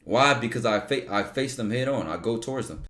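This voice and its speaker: A man's voice: mid-range voice, expressive, brisk, fairly bright tone. A man hosting a call-in advice show, talking bluntly and with energy and swearing freely. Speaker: host.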